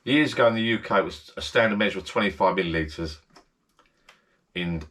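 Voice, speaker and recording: A man with a fairly low voice hosts a casual, chatty vlog from his garden shed bar. He rambles, circles back and repeats himself, talking straight to the viewer in a friendly way. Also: brisk, a bit bright. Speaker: channel host.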